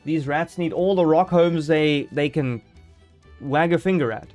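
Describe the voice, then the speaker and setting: A man's voice: fairly high pitch, measured pace, darkish tone, soft background music. A man streaming a game live, chatting casually and joking as he thinks aloud.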